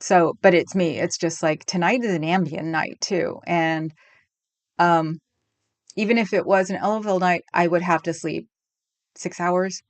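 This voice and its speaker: A middle-aged woman from California chats loosely on her livestream from home, drifting from story to story and laughing often. Her voice sits a little low, and the desk mic sounds close and dry with no room around it. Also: fairly even intonation, a little slow, no room sound. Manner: chatty, rambling, laughs often. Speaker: livestream host. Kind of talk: casual chat with live chat. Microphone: desk microphone.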